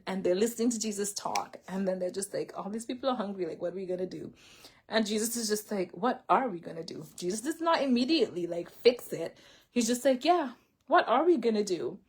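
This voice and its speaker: A woman's voice: mid-range voice, breathy edge. A woman giving a casual sermon-style talk, chatty and full of "like", laughing lightly as she retells scripture in her own words. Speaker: faith speaker.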